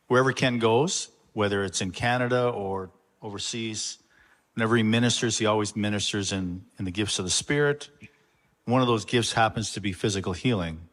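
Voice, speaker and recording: Low-voiced pastor introducing a guest. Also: male voice, fairly bright tone. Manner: halting, reflective. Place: church sanctuary. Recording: long church reverb.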